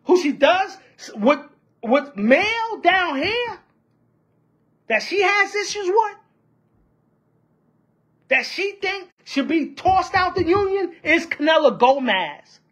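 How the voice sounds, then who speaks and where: Fiery high-voiced woman ranting. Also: big pitch swings, takes it slowly, long pauses, a bit bright. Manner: fiery, repetitive, rhetorical questions. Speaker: union member. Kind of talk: impassioned union-politics rant.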